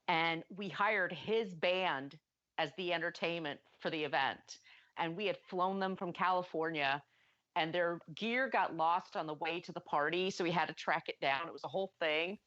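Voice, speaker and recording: Woman podcast cohost telling a story, lowish voice, kinda lo-fi. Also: a bit bright. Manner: chatty storyteller. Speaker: podcast co-host. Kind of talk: casual chat.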